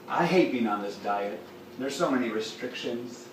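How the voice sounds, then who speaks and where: A man hosting a raw food cooking show, talking playfully and warmly and chatting to his cat as he prepares a dish in a home kitchen. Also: mid-range voice, expressive, normal speed, slight background noise. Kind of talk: casual cooking demonstration. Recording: very echoey room, distant mic, faint ambience.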